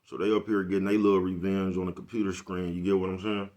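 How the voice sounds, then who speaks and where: Here the vlogger's voice sits low and darkish, level in tone and fast. He's laid-back and profane, talking street-style to his viewers in a casual monologue and forever asking if they know what he's talking about.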